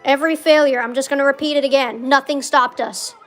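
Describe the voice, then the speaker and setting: A woman's voice: high voice, steady tone, brisk, soft background music. A young woman streaming a video game, chatting casually, swearing and ranting when she fails. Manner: muttering quietly to herself. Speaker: gaming streamer. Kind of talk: casual gameplay commentary.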